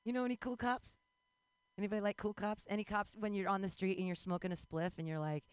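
A woman's voice: mid-range voice, fairly even intonation, quick pace, smooth, dry recording. A woman in her forties doing a rambling, bawdy stand-up comedy set, breaking into squeals and laughs. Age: 40s.

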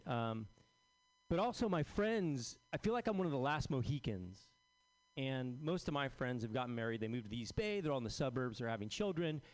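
A man in his forties doing a deadpan, self-deprecating stand-up set on a club stage. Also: fairly high pitch. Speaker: stand-up comedian.

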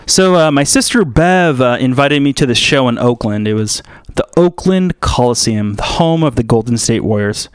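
A man's voice: medium pitch, expressive, moderate pace, clean tone, dry recording, studio quality. A man hosting a radio show, rambling through a profane comic monologue full of "uh". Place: radio studio.

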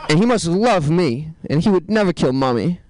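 A man doing a stand-up comedy set, telling dark jokes deadpan and tossing asides to the crowd. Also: fairly high pitch, normal speed, poor audio.

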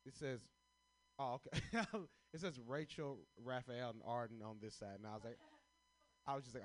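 A young man from Chicago performs stand-up, riffing on prompts pulled from a hat. His delivery is loose and profane, full of animated storytelling, and he keeps laughing at his own jokes. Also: medium pitch, normal speed. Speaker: stand-up comedian.

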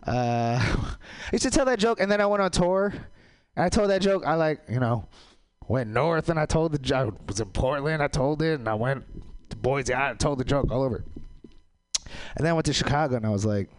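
A man doing a stand-up comedy set, delivering deadpan one-liners with sudden jumps into a loud, high voice. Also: fairly quick, no room sound. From Caribbean islands heritage.

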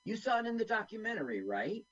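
A man with a slightly high, husky voice talks loosely over a film with a co-host. His pitch swings a lot as he jokes and slips into quick silly voices. The recording sounds muffled and lo-fi. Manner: animated, jokey, does quick silly voices. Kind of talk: casual movie commentary chat.

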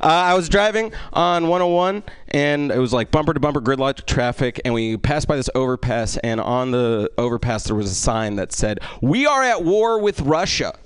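A man doing a stand-up comedy set in a small club, self-deprecating with deadpan asides and lots of fillers. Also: mid-range voice, normal speed, hardly any pauses, clear, resonant tone, no room sound. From Egypt.

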